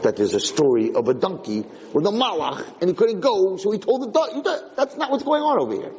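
Animated man giving a Torah class. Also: high voice, brisk, a little hiss or hum. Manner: animated, emphatic, acts out quotes. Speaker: Torah lecturer. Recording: reverberant hall.

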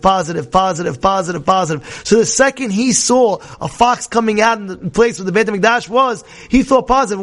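A man teaching a Torah class in a lively sermon style, repeating phrases and acting out people's thoughts. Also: high-pitched. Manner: animated, repeats phrases, acts out inner voices. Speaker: rabbi.

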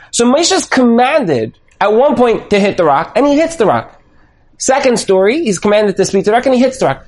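A man with a very high-pitched voice gives a Torah lesson on the weekly portion at a moderate pace. He tells the story animatedly, acting out dialogue and thinking aloud with restarts.

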